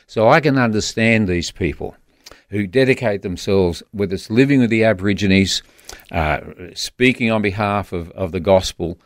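Earnest Australian man, low and dry. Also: dry recording. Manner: earnest, halting with many restarts. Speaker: guest author. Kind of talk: storytelling in a radio interview.

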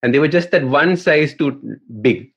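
A man's voice: fairly high pitch, animated, moderate pace. A man hosting a podcast interview, chatting casually, prompting his guest and sharing anecdotes. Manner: conversational, prompting, relates anecdotes. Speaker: podcast host. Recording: dull lo-fi sound.

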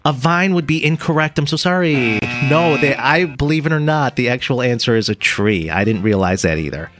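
Male morning radio co-host running a quiz game, lively and teasing, with light music under the studio mic. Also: medium pitch, normal speed. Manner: teasing, lively, reads out multiple-choice answers. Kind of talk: playful quiz hosting.

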